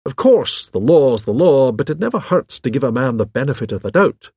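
A man's voice: mid-range voice, very animated, brisk, darkish tone, breathy edge, no room sound, clean studio sound, pitched above the performer's own voice. A man voicing a blustering middle-aged chief constable who talks brusquely and with emphasis. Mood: confiding.

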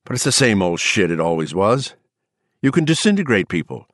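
A man's voice: on the low side, sing-song, fairly quick, dry recording, clean studio sound. A man voicing a bitter, ranting drunk man. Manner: ranting, sarcastic. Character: angry drunk middle-aged man, bitter and scornful. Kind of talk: audiobook character voice.

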